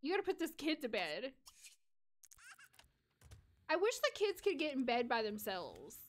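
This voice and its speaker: A woman's voice: sits high, wildly swooping pitch, unhurried. A woman from the United States streaming a life-sim game, chatting casually with viewers and talking to the characters.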